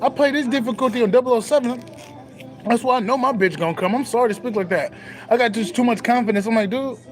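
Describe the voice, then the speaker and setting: A young man with a high voice, heard on a rough recording, hosts spiritual talk. His casual spiritual monologue is profane and full of swagger, and he laughs often.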